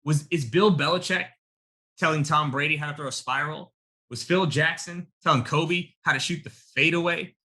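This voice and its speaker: A man in his thirties leads a live sales-coaching webinar with a punchy, emphatic delivery. His voice is bright and forceful, and he keeps talking straight to his audience as y'all. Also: fairly high pitch, normal speed. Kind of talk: energetic live webinar teaching.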